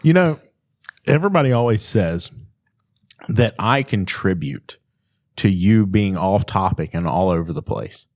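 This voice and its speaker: A man's voice: deep voice, expressive, unhurried, long pauses, darkish tone, no room sound, studio quality. A man co-hosting a podcast, joking and playfully ribbing his co-host in casual chat.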